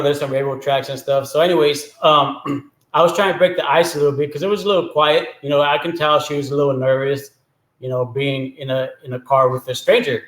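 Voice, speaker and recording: A man casually telling a joke story as the host, talking in a chatty way and often clearing his throat. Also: medium pitch, roomy sound, poor audio.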